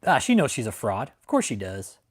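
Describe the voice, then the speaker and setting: A Texas man with a mid-range, husky voice hosts a live stream from his San Antonio home, speaking briskly with huge swings in pitch. The channel host rants in anger, heated and profane, cursing constantly and repeating his threats over and over.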